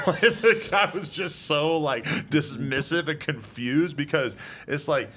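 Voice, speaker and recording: A man's voice: on the high side, lively intonation, unhurried, few pauses, fairly bright tone. A man chatting casually on a podcast, telling stories in a loose, profane way. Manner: laid-back storyteller, swears freely. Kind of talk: casual chat.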